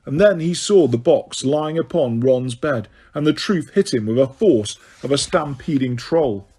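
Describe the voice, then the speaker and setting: A man's voice: medium pitch, lively intonation, moderate pace, hardly any pauses, a little mellow, slightly rough. A man narrating an audiobook, reading expressively with small slips.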